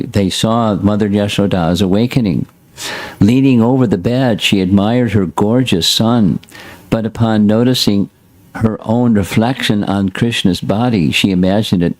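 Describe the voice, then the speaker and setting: Low-voiced man giving a scripture class. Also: no echo. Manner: reads a passage aloud, then adds short plain asides. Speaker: spiritual teacher. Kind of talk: scriptural lecture with reading.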